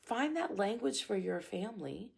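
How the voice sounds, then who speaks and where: A woman karate instructor giving parenting advice in a calm, direct and emphatic way, often repeating her phrases. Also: mid-range voice, normal speed, gravelly, husky.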